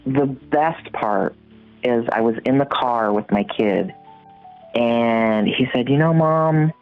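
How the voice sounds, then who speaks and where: Middle-aged woman guest, lively storyteller who swings high on quoted reactions, tinny phone-like sound with faint music. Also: slow pace. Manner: animated, acts out her own reactions with big pitch jumps. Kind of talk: personal storytelling.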